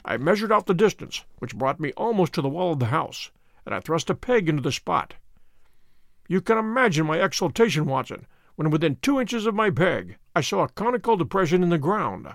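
Dry gravelly voice, a methodical detective telling his case in a radio drama, swoopy delivery. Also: on the high side, very animated, a bit bright, dry recording, full character voice. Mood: measured. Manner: precise, measured storytelling. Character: Holmes, sharp methodical male detective narrating.

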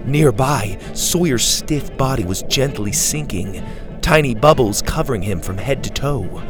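A man narrating a children's adventure storybook in a calm, expressive way. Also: medium pitch. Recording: faint music behind.

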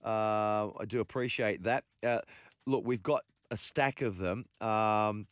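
A man's voice: lowish voice, takes it slowly, smooth, dry recording, clean studio sound. A man with an Australian accent hosting late-night sports radio, casual and rambling, with lots of ums and uhs. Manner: laid-back, rambling, full of ums and uhs. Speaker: radio host. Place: radio studio.

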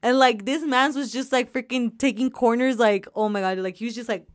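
Young woman, slightly high voice, animated casual storyteller, heavy "like" filler, dry close sound. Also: a little fast, no room sound. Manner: animated storyteller, heavy use of "like", laughs often.

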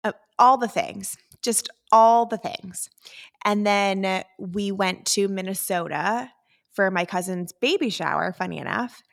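A woman's voice: medium pitch, unhurried, gravelly. Chatty young woman, filler-heavy. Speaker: podcast co-host. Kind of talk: casual chat.

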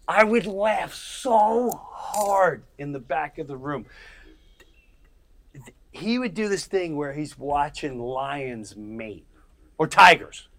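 Animated man telling a funny story. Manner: animated, laughs mid-story, jumps between loud bursts and low asides; acts out other people's voices. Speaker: podcast host. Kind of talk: casual storytelling monologue.

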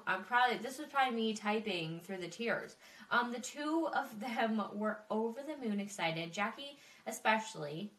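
A woman's voice: mid-range voice, expressive, normal speed, a bit bright, distant mic. Female true crime podcaster, loose and emotional, swears freely, echoey room sound. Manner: chatty, swearing, emotional and tearful. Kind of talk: casual podcast narration. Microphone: desk microphone.

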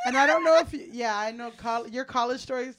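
A woman's voice: fairly high pitch, fairly quick, background noise. A woman hosting a podcast, asking her guest questions in an encouraging, hesitant way. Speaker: podcast host. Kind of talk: casual chat.

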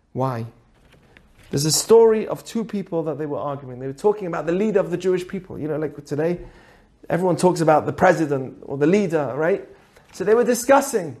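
A male podcast host telling a teaching story in a casual, animated way. His voice is fairly high, and he keeps checking in with the listener through questions as he goes.

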